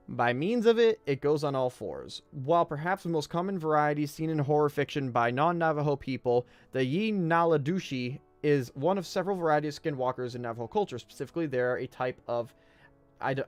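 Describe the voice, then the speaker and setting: A man's voice: on the high side, brisk, smooth, no echo, soft background music. A young man from the United States hosting a casual live-stream podcast, reading aloud, stumbling over words and joking in side remarks. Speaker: podcast host.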